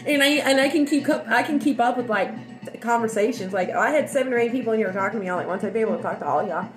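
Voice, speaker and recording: Fast-talking, loud, excitable woman vlogger. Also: on the high side, reverberant, faint music behind, rough recording. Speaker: live-stream vlogger. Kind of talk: casual rambling chat with viewers.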